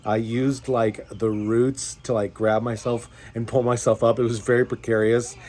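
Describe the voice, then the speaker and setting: Recounting a rough day, a young fishing vlogger chats casually, rambling and poking fun at himself with many fillers and restarts. He has a medium-pitched, darkish voice with little pitch movement, at normal speed.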